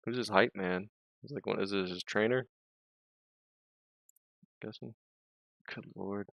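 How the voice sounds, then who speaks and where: A man's voice: fairly low pitch, unhurried, creaky, no room sound, muffled recording. A man streaming and chatting casually, rambling, interrupting himself, swearing and laughing often.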